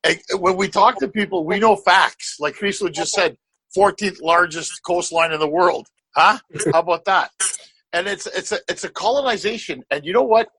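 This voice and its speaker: A middle-aged man hosts a podcast in a high, husky voice on a close, dry mic. He rambles with animated energy, laughs often and swears freely. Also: normal speed, no echo, low-quality recording. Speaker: podcast host. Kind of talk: casual podcast conversation.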